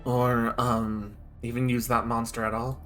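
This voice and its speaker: A man reading aloud as an uneasy younger brother, halting and hesitant. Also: medium pitch, completely flat delivery, fairly bright tone, soft background music, voice pushed down, lightly acted. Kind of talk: reading game dialogue aloud.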